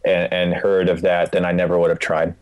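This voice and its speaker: A man in casual podcast chat, relaxed, giving brief replies. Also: deep voice, fairly quick.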